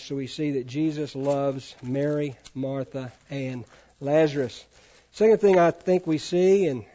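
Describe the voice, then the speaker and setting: A man's voice: fairly high pitch, a little mellow, lo-fi sound. A man preaching a sermon in a conversational way, often asking the congregation questions. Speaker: pastor.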